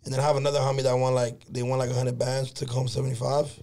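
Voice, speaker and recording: A man's voice: medium pitch, little pitch movement, racing, gravelly, warm tone. A young man co-hosting a podcast, telling stories in casual chat, full of slang and swearing. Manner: profane, slangy storytelling. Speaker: podcast co-host.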